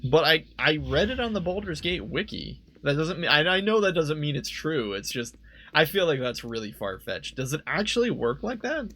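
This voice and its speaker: A man's voice: a little high, big pitch swings, moderate pace, bright, forceful tone. A young man giving casual, rambling commentary while playing a game at a desk microphone, second-guessing himself aloud. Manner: rambling, self-questioning, laughs easily. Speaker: let's play host.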